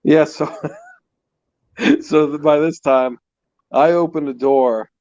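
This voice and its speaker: Lively, laughing storyteller dad. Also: male voice, a little high, slow pace, no room sound. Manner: animated storyteller, laughs while telling. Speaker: co-host, father of the host. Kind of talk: casual storytelling chat. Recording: dull, dry lo-fi sound.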